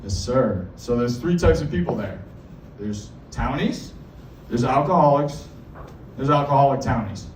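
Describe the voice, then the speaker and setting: A young man from Massachusetts rambles crudely through a stand-up routine on a small bar stage, leaning heavily on fillers. His mid-range voice is animated but keeps a measured pace. Slight background noise and bar echo come through the distant mic.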